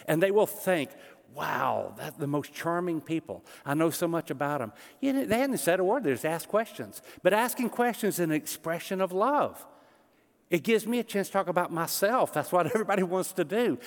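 A middle-aged man preaching a sermon as pastor, conversational and animated, joking with the congregation. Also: high-pitched. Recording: long church hall reverb.

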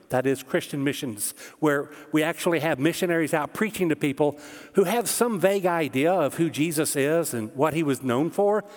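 A pastor preaching a sermon, emphatic and direct, posing rhetorical questions to his congregation. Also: on the high side. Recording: long hall reverb.

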